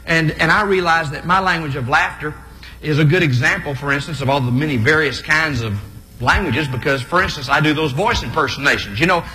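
Bright-voiced comedian in a hall. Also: male voice, a little high, brisk. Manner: energetic, stammering, laughing at his own jokes. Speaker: comedian and preacher. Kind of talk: live stand-up comedy with impressions. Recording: long hall reverb, faint ambience.

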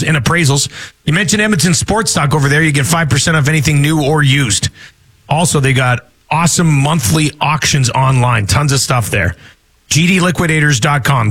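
A man's voice: on the high side, a bit bright. A man hosting a radio sports talk show, joking casually and reading ads in an upbeat way. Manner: jokey, laughs easily, upbeat. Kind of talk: casual radio banter and ad reads.

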